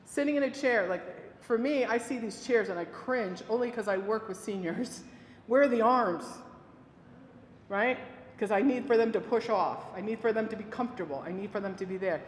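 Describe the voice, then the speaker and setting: A woman's voice: a little high, normal speed, slight background noise. Woman teaching dementia care in echoey hall. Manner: lively storytelling with acted quotes. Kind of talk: presentation to an audience. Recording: echoey hall with faint ambience.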